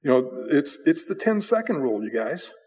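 A man preaching a Bible teaching in a loose, conversational way, blunt and animated as he tells the story. His voice sits somewhat high for a man. Long hall reverb hangs behind him. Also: normal speed. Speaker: pastor. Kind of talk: expository sermon.

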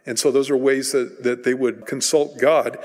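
A man's voice: medium pitch, fairly even intonation, moderate pace, darkish tone. Conversational male preacher in a reverberant hall. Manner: conversational storytelling, acts out voices in retellings. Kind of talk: sermon.

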